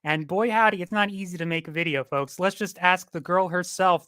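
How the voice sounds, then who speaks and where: A man's voice: sits high, fairly quick, fairly bright tone, clean tone. A man hosting a streamed panel over a video call, introducing guests with playful wordplay. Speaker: host.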